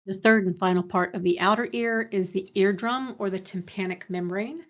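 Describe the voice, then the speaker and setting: A woman's voice: mid-range voice, normal speed. Woman, university lecturer, explanatory delivery full of fillers and restarts, mid-range voice, slightly muffled recording. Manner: explanatory, with frequent fillers and self-corrections.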